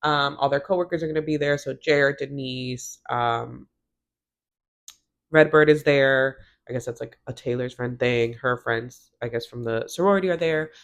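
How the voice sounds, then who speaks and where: A TV recap vlogger with a very deep voice recaps an episode at a moderate pace, and the recording sounds muffled. She's chatty and casual, saying "like" a lot and briefly acting out the characters' lines.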